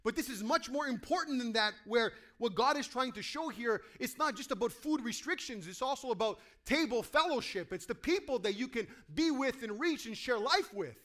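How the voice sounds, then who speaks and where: A man preaching a sermon to a congregation, animated, acting out quoted voices and asking his listeners questions. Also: very high voice, moderate pace, hardly any pauses. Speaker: pastor.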